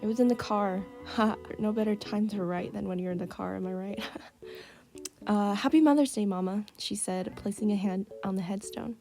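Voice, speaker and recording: A woman's voice: mid-range voice, steady tone, normal speed, creaky, a little mellow, faint music behind. A young woman casually reading her old fan stories aloud and chatting about them, giggling and reacting as she goes.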